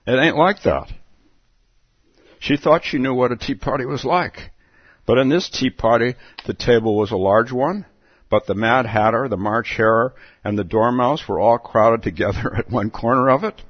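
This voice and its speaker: A man's voice: medium pitch, moderate pace, no room sound, lo-fi sound. A man giving a reflective Zen dharma talk, musing aloud and chuckling between thoughts. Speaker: Zen teacher.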